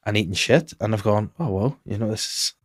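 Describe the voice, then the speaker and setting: A man's voice: on the low side, no room sound, studio quality. A man hosting a podcast, telling rambling anecdotes in casual chat. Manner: rambling anecdotal storyteller, quick and animated. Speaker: podcast host and comedian.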